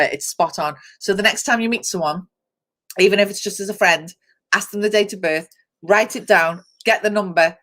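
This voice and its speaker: Chatty lady host going down a list, calls out viewers by name, laughs a lot. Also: mid-range voice. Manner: chatty, reads lists aloud, talks to viewers by name; laughs often, explains step by step. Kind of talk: live online chat show.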